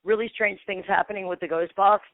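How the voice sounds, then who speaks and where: In a mid-range, steady voice that runs a little fast, a female paranormal investigator recounts a long story during a phone interview. She rambles, voicing dialogue with "I'm like," on a tinny, dry line without echo.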